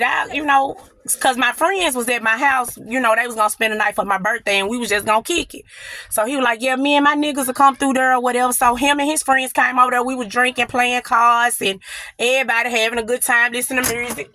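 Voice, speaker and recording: A young woman tells a personal story in a loose, blunt, cursing way, bouncing between her own lines and the other person's. Her voice sits high and sounds bright. The sound is dry, with no room around it. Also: no echo. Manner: blunt, profane, animated retelling. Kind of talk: casual storytime.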